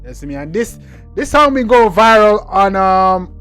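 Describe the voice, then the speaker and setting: A man's voice: high voice, very animated, moderate pace, fairly bright tone, clear, resonant tone. A young man with a Jamaican accent hosting a casual music reaction, bantering in patois with repeated "you see me" refrains. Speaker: reaction channel host.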